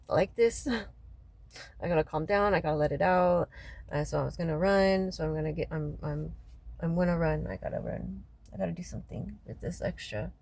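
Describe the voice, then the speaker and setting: A distraught woman rants in a raw, profane personal vlog, crying as she talks. Her voice sits a little low for a woman and often drops to a hushed, heavy murmur. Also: creaky, poor audio. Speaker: local resident venting after a city meeting. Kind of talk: emotional personal vlog rant.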